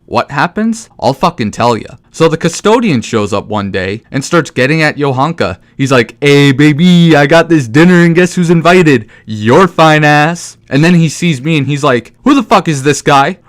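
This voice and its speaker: A man giving a comedic, profane rant about a video game, swearing a lot and building into yelling. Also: mid-range voice, no echo, studio quality. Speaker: game commentary youtuber.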